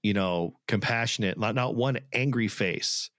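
A man's voice: lowish voice, unhurried, a bit bright, no echo, clean studio sound. A man co-hosting a podcast, talking casually and earnestly, rambling with fillers and restarts. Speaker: podcast co-host. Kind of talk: casual chat.

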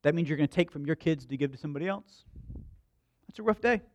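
A man preaching a sermon, telling stories in an animated, conversational and humorous way. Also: a little high, fast talker, no room sound. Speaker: pastor. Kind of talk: storytelling sermon.

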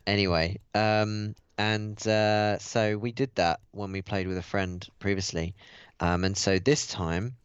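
A man's voice: lowish voice, level tone, unhurried, clean tone, dry recording, lo-fi sound. A man co-hosting a tabletop gaming podcast, chatting casually and hesitantly with plenty of ums and uhs. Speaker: podcast co-host and player. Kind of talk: casual chat about a tabletop game.

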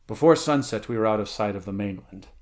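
A man reading aloud, voicing a brawny male barbarian warrior who talks bluntly and gruffly. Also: on the low side, animated, quick pace, a little mellow, natural voice. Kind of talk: audiobook character reading.

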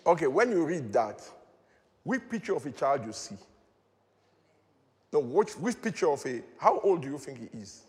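A man preaching a sermon in a church hall, animated and often shouting as he acts out the story. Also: fairly high pitch, normal speed, pauses often. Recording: long hall reverb.

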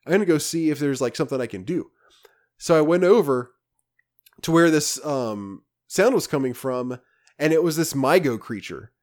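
A man co-hosting a casual podcast, telling a rambling, animated story about a video game with many restarts. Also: on the high side, moderate pace. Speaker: podcast co-host.

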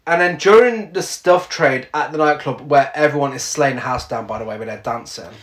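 A man's voice: mid-range voice, fairly quick. A man co-hosting a casual chat show, recapping a film with lots of laughter and mocking asides. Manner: animated, laughs often, mocking quotes. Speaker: podcast co-host. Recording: echoey room.

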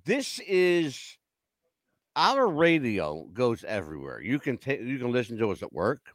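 A man co-hosting a casual roundtable chat, joking around and laughing loudly. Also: mid-range voice, unhurried, dry recording. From United States. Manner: animated, joking, loud laughs. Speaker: co-host.

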